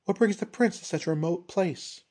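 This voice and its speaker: A man's voice: high-pitched, moderate pace, warm tone, pitched above the performer's own voice. Man doing a menacing ronin woman, Risa. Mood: polite. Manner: silky, taunting.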